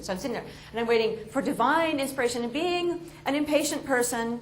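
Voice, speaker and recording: A woman tells a story to an audience in an animated, expressive, self-mocking way. Her voice sits a little high, and faint ambient noise sits behind her. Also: quick pace. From New York. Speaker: motivational speaker.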